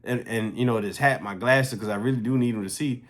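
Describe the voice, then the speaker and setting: A man's voice: mid-range voice, fairly quick. A man talking casually and bluntly to his viewers in a vlog, swearing freely as he tells a story. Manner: blunt, profane, conversational. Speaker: fitness coach.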